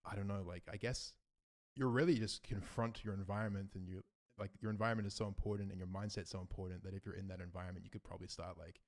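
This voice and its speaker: A young man talking things through in casual chat, his voice on the low side. He muses and drifts off into quiet, filling gaps with likes and I-guesses. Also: steady tone, quick pace. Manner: reflective, trails off quietly, many fillers.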